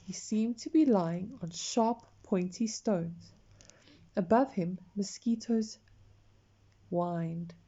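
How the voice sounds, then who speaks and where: Slow, mellow woman reading a picture book. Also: medium pitch, dull audio. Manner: slow, expressive, talks to the listener. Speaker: storyteller.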